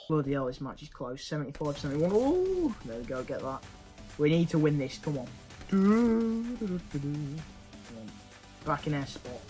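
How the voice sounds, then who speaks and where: A young man giving excitable live commentary over his own gameplay, cheering and swearing at the action. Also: on the high side. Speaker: gaming YouTuber.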